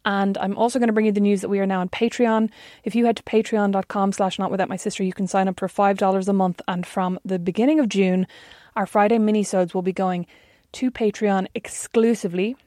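An Irish woman in her thirties hosting a podcast in easy, chatty talk, poking fun at herself as she goes. Her voice sits at an ordinary middle pitch and sounds close and dry, with no room around it. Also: level tone, fairly quick, hardly any pauses, warm tone, dry recording. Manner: chatty and self-mocking. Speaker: podcast co-host. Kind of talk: casual chat.

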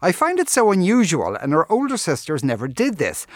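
Lively male radio host. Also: sits high, brisk, no echo, clean studio sound. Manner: reads letters aloud, brief agreeing interjections. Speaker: radio show host reading listener questions. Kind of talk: reading listener letters on air.

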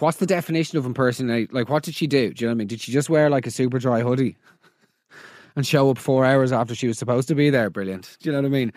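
A man's voice: mid-range voice, darkish tone, no room sound, clean studio sound. A man hosting a comedy podcast, delivering sarcastic, incredulous roast commentary and acting out little scenes. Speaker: podcast host.

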